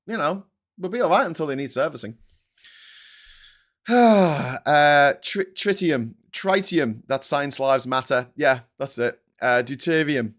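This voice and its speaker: A man's voice: medium pitch, a bit bright. A man in his forties with a Scouse accent, hosting a casual live-stream and ranting with heavy swearing. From Liverpool, England. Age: 40s. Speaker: host.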